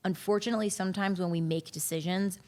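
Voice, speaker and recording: A woman's voice: medium pitch, steady tone, darkish tone. A woman guest on a podcast, chatting candidly in a goofy, off-the-cuff way. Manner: goofy, candid, talks in quick bursts. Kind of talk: casual chat.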